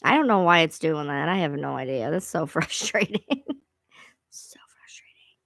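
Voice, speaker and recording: A woman's voice: deep voice, lively intonation, brisk, creaky, fairly bright tone. A woman hosts a casual livestream, talking to her viewers in a loose, rambling way. She swears freely, and her voice rises and falls a lot. The sound is dry, with no room echo. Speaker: livestream host.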